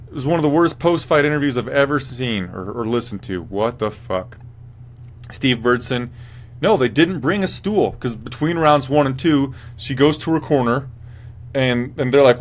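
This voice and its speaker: A man's voice: mid-range voice, moderate pace. A young man hosts a casual fight recap in a rambling, profane way. He swears freely and keeps answering viewer chat as he goes. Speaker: host. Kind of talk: casual MMA post-fight commentary.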